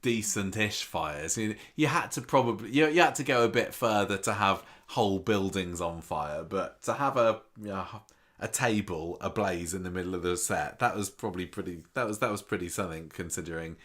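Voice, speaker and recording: Deep-voiced chatty man. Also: moderate pace, a bit bright. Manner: chatty, enthusiastic, many restarts. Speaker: podcast co-host. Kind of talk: casual chat about a TV soap.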